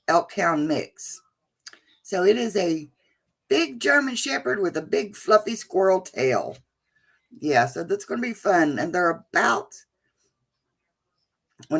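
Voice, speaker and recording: A woman's voice: on the low side, creaky. A middle-aged woman hosting a casual livestream chat, chatty and greeting viewers by name with endearments like sweetheart and honey. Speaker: livestream host.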